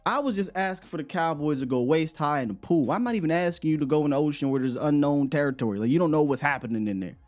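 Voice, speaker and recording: A man hosting a live morning sports show, talking in an animated, rambling way and laughing often. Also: a little high, quick pace, hardly any pauses, faint music behind. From United States.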